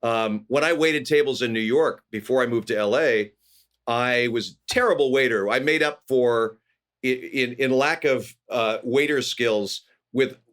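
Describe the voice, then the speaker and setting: A middle-aged man from California, a guest actor telling lively anecdotes in an interview and acting out the people he quotes. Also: mid-range voice, a little slow. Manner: animated anecdotes with voiced quotes. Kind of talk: storytelling interview.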